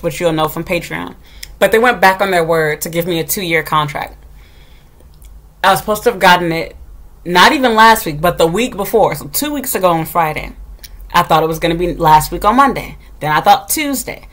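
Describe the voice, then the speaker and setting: A woman, a substitute teacher, telling a story to the camera as a casual rant, blunt and full of slang and swearing, getting loud as she recalls scolding. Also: lowish voice. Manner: animated, gets loud when retelling scolding.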